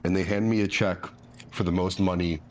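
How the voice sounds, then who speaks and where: A man's voice: sits low, steady tone, a little mellow. A man in his forties, a podcast co-host, telling a long anecdote in casual chat. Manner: drawn-out anecdotes with acted-out quotes.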